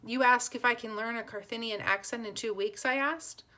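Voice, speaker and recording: A woman with a fairly high, bright voice reads a novel aloud as an audiobook reader, speaking briskly with a forceful tone. She gives the characters plain voices and occasionally restarts a word.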